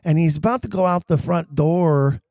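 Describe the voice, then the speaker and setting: Animated storytelling man, dry sound. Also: on the high side, moderate pace, no echo. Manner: animated storyteller, acts out quoted people. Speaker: podcast co-host. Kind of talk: casual conversation, storytelling.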